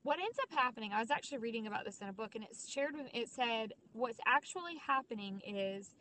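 A chatty woman, fairly high-pitched, talks straight to her podcast listeners. Her delivery is animated and loose, full of fillers and quick restarts. A faint hiss sits under the voice. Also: poor audio. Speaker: podcast host. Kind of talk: casual talk to listeners.

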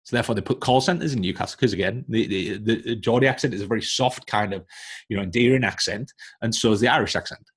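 A man's voice: fairly low pitch, fast, slightly rough. A man with a Northern English accent, a coaching mentor explaining his views bluntly in a casual podcast conversation. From Northern England. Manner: blunt, lecturing with examples. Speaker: coaching business mentor, guest.

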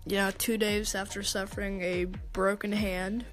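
A young woman giving her opinions on sports in a casual, unscripted monologue. She talks slowly in a flat, even voice and stumbles over her words with fillers and restarts. Faint music plays behind her. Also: mid-range voice. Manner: hesitant, many fillers and restarts. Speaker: sports talk host.

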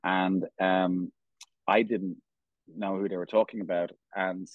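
Irish man, lowish voice, rambling storyteller, dead-dry dull lo-fi recording. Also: level tone, no echo. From Ireland. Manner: rambling, halting, many restarts and fillers. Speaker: company founder, guest. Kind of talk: casual storytelling interview.

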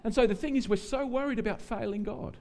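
A middle-aged Australian man preaching as a guest pastor, animated and joking, acting out the prayers and quotes he tells. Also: extremely high pitch, fast. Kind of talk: sermon.

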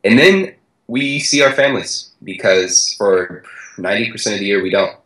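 A young man, an athlete guest, telling a story in a relaxed way, laughing and acting out what others said. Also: lowish voice, moderate pace, echoey room, rough recording. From United States. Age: young adult. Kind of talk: casual storytelling.

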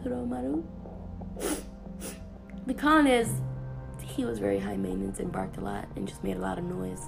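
A woman talking casually to her viewers in an anime review, chatty and animated, with playful asides. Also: mid-range voice, normal speed, vocal fry, music in the background.

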